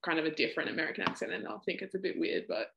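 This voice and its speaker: A woman's voice: on the low side, steady tone, very fast, creaky, a bit bright, dull audio. A young woman with an Australian accent, a college basketball player chatting casually as a podcast guest and laughing often. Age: young adult.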